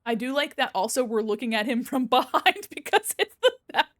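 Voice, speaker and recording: A woman's voice: high-pitched, lively intonation, brisk, fairly bright tone. A young woman streaming a game, giggly, joking and swearing as she comments. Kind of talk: casual let's-play commentary.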